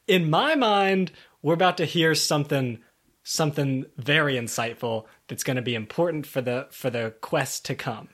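A man chatting casually about a tabletop game session, animated and laughing in mock outrage. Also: fairly high pitch, moderate pace.

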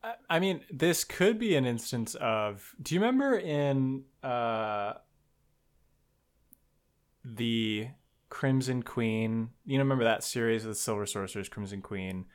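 A man in relaxed podcast banter about a book, his voice at an ordinary middle pitch. He gets emphatic and excited, tosses out jokes and casual swears, and riffs theories back and forth with his co-host. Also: a little slow.

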